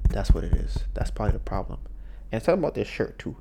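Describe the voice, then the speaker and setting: A man's voice: on the low side, big pitch swings, fast, gravelly, background noise. Man in loose casual podcast chat. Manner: loose, joking, talks to a pet. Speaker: podcast host.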